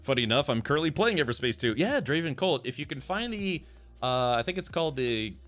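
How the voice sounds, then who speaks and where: A man's voice: on the high side, very animated, fairly quick, a bit bright, soft background music. A man streaming a video game live, chatting casually, rambling and restarting sentences and answering chat as he plays.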